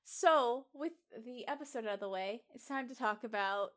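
Woman podcast cohost, kinda high voice, excited rambly chat, laughs a lot. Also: moderate pace. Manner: enthusiastic, restarts sentences, laughs often. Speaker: podcast co-host. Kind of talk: casual chat.

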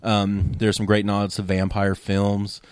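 A man's voice: on the low side, monotone, measured pace, darkish tone, clean tone, no echo, studio quality. A man co-hosting a podcast, reviewing TV and movies in a rambling, casual way, full of fillers and restarts. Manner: rambling, hesitant with many fillers. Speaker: podcast co-host. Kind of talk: casual chat reviewing TV and film.

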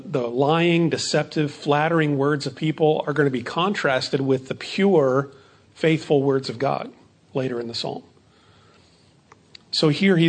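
A pastor with a fairly high-pitched voice leads a midweek Bible study conversationally. He frequently poses rhetorical questions and repeats phrases.

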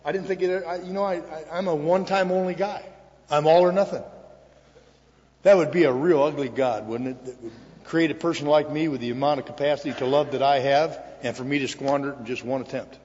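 An older man giving an earnest, emotional personal testimony to an audience in a large hall, with pauses and restarts. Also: fairly high pitch. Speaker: recovery meeting speaker. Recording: echoey hall, dull lo-fi sound.

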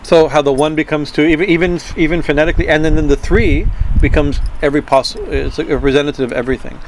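A man giving an informal talk on Tantra philosophy. He speaks haltingly, repeats words and keeps asking "right?". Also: a little high, fairly even intonation, slight background noise, rough recording. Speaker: spiritual teacher.

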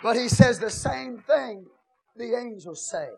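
A pastor with a very high voice and a drawl, preaching to his congregation. He drops into a low, confiding tone to retell scripture, then rises into shouted, half-sung cries. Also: expressive, a little slow, vocal fry, faint music behind. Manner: swings from soft storytelling to shouted, sing-song preaching. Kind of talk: sermon.

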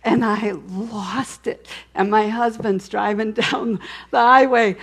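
A woman's voice: on the high side, slow pace, vocal fry, a bit bright, husky. Woman preaching a candid personal testimony. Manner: candid storytelling with frequent restarts and asides. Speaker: speaker sharing a testimony. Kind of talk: conversational sermon testimony.

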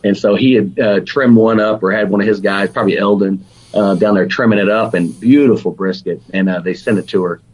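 Husky Alabama pitmaster, laid-back talker. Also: male voice, on the low side, a little fast, rough recording. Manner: animated and laid-back, sprinkled with "man" and "dude". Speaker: competition barbecue pitmaster, guest. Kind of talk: casual podcast interview.

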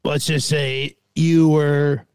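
A man co-hosting a podcast, chatting casually and chummily with quick, agreeable reactions. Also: on the high side, little pitch movement, darkish tone, clean tone, no echo. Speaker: podcast co-host. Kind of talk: casual chat.

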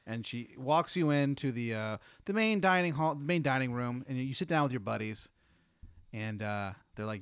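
A man improvising an absurd comedic scenario, rambling and halting with lots of restarts. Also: mid-range voice, expressive, a bit bright, smooth, dry recording, studio quality. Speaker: host telling a hypothetical.

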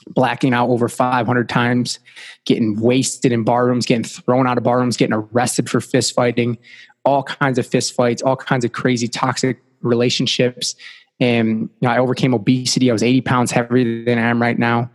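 A man's voice: mid-range voice, big-room sound. A young adult man, a podcast guest, telling a personal life story earnestly and often saying "like" and "you know".

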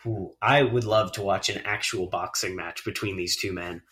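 A man co-hosting a casual podcast chat, seated on his bed at home and making wry, deadpan asides. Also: deep voice, normal speed. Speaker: podcast co-host.

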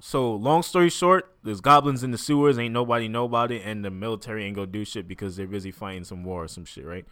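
A man's voice: fairly low pitch, a little fast, a bit bright. A man co-hosting a casual anime talk, recapping an episode in slangy speech and acting out the lines. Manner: slangy recap with acted-out quotes and laughs. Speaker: podcast co-host.

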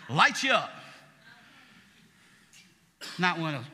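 A male pastor preaching a sermon, swinging from quiet, intimate passages to shouted praise. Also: on the high side, big pitch swings, slow, long pauses, long reverb tail, a little hiss or hum.

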